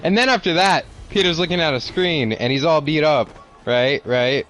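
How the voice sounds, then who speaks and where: A man's voice: on the high side, moderate pace, fairly bright tone, lo-fi sound. A man casually recapping a show as a podcast co-host, rambling and repeating his words, with some swearing.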